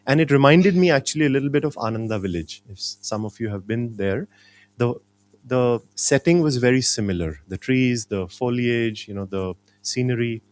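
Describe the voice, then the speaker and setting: A middle-aged man tells a spiritual story in a lively way, often saying "you know". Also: medium pitch, normal speed. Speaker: spiritual teacher. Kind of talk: storytelling talk.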